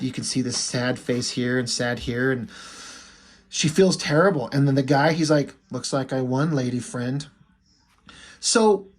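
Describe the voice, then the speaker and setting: A man giving casual, profane commentary as he reviews a comic page by page, thinking aloud and lingering admiringly on the art. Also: on the high side.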